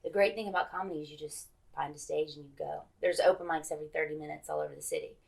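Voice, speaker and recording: A woman's voice: low voice, steady tone, very fast, gravelly. Wry Southern-accented woman comic. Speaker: guest comedian. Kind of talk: casual interview.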